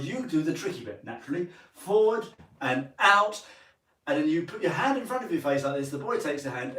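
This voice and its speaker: A man's voice: a little high, recorded from a distance. An English man leading a live-streamed dance lesson, chatting with viewers while counting and singing out the steps. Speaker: dance teacher. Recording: roomy sound from away from the mic.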